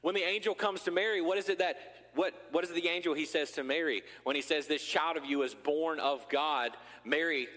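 Lively high-voiced male preacher. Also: big-room sound. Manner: animated, joking, acts out scenes. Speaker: pastor. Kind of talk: sermon.

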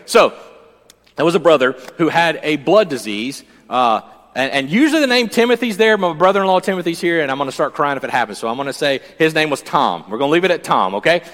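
A man preaching a sermon in a church, conversational and joking, swinging from loud emphasis to hushed storytelling. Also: a little high, animated, quick pace, big-room sound. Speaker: pastor.

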